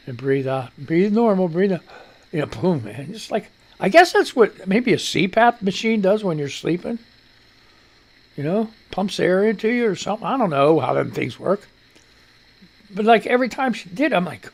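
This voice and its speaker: A man's voice: high voice, big pitch swings, moderate pace. Guy hosting a live stream, rambly and salty, voice jumps all over, kinda winded. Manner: rambling, salty, self-mocking. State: short of breath. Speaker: live show host. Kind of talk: casual live-stream chat.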